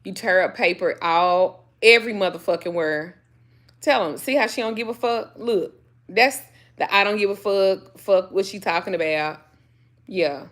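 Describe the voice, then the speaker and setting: A woman with a medium-pitched, slightly bright voice talks at a normal speed. Casual and to camera, the spiritual reader and vlogger goes on a blunt rant, swears freely, and speaks to her dogs.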